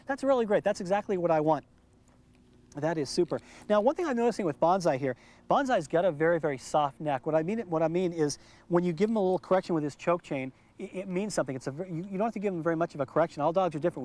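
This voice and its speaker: A man's voice: a little high, a little mellow. Patient middle-aged male dog trainer. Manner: patient, explanatory, repeats words for emphasis. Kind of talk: instructional demonstration.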